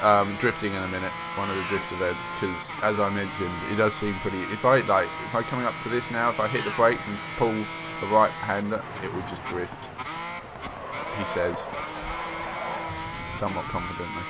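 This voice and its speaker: Excitable man commenting on gameplay. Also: lowish voice, noisy background. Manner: excitable, joking, rambling asides. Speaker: games journalist playing and commenting.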